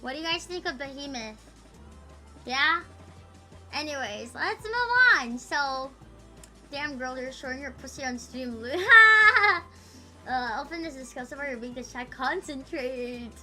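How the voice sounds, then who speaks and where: A woman's voice: high-pitched, lively intonation, a little slow, pushed and bright, faint music behind. A woman livestreaming, chatting casually with her viewers in a rambling, profane, playful way that teases her chat.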